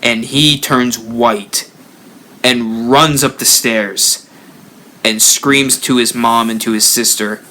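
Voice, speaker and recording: A man hosting a live stream, telling a spooky story with lively rises and drops. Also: mid-range voice, slow pace. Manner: animated storyteller, rising and dropping for effect. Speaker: haunt builder channel host.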